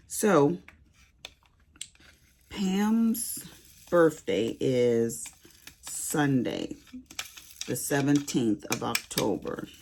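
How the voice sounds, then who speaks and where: Sassy, gravelly-voiced woman chatting slowly. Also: very deep voice, darkish tone, a little hiss or hum. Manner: chatty, sassy, rambling storyteller. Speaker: crafting vlogger. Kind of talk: casual chat while diamond painting.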